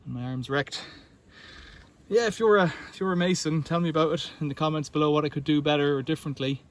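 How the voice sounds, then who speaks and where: A man's voice: a little high, quick pace. A man narrating casually to the camera while he works outdoors, talking to himself with pleased exclamations and a little out of breath. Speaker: video maker. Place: outdoors at a stone working site.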